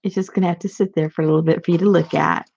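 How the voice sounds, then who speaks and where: A woman's voice: on the low side, fairly even intonation, very fast, vocal fry, darkish tone, slightly rough, highs cut off. A woman chatting casually in a vlog, giggly and rambling as she shows off handmade gifts. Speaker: crafter showing handmade gifts.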